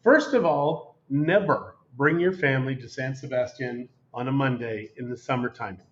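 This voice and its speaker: A man's voice: mid-range voice, normal speed. A man co-hosting a casual chat show, telling stories with playful exaggeration. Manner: joking storyteller, playful exaggeration. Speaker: co-host. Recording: roomy, dull lo-fi livestream sound.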